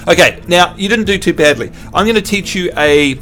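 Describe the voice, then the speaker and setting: A man's voice: fairly high pitch, moderate pace, soft background music. Jokey man streaming to his viewers. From New Zealand. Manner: jokey, self-mocking, animated. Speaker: game livestreamer. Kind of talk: casual chat with viewers.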